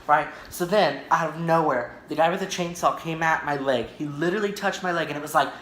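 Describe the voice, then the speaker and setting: Bright-voiced man telling a dramatic story. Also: fairly high pitch, brisk, a little hiss or hum. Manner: dramatic, rambling storytelling with frequent "right?". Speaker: vlogger. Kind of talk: storytime vlog. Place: indoor room, on camera. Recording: echoey room.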